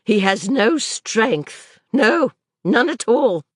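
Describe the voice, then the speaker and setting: A woman's voice: fairly high pitch, very animated, husky, dry recording, studio quality, pitched above the performer's own voice, full character voice. A woman voicing a stern older governess. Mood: emphatic. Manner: slow, weighty, emphatic pronouncements. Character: stern older female governess, blunt and emphatic. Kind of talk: audiobook character voice.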